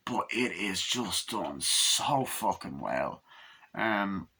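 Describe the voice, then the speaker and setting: A man giving a casual spoken movie review, rambling and excitable, swearing often as he recounts scenes. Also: fairly low pitch, measured pace.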